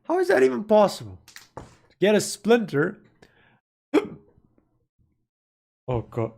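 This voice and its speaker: Man, live-stream commentary, rambling, self-correcting, a bit high-pitched. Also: wildly swooping pitch, normal speed, gravelly, darkish tone.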